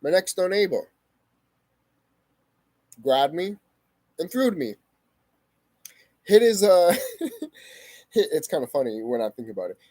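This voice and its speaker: A young man tells a painful story to his camera in a heated, profane rush, hammering his points with repetition. His pitch swings widely as he talks. The sound is dry and close, with no room echo. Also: very animated, unhurried, long pauses, warm tone. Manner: profane, heated, emphatic, repeats phrases. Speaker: vlogger. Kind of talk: emotional personal storytelling to camera.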